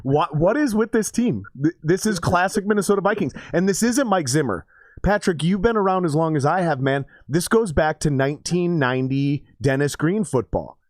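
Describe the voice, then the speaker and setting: A man's voice: a little high, expressive, moderate pace, no room sound, clean studio sound. A man in his forties giving casual, profane live-stream commentary on a football game and chatting with his viewers.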